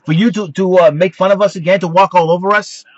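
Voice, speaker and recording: Husky, high-voiced man ranting. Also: steady tone, fast, no echo, dull audio. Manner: repetitive, stammering, indignant. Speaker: YouTuber addressing his critics. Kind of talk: angry vlog rant.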